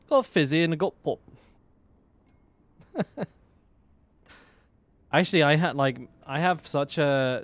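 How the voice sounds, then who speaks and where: Slow-talking West Country English man. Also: mid-range voice, clear, resonant tone. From England. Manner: rambling, swears casually, answers chat. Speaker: game streamer. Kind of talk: casual live-stream chat.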